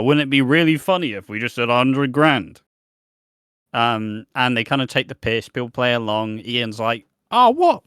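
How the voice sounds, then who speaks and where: A man's voice: mid-range voice, fairly bright tone, smooth, no room sound, clean studio sound. A man co-hosting a podcast, chatting casually about a soap episode, rambling with lots of restarts and swearing. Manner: rambling, restarts, swears, laughs at his own points. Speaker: podcast co-host.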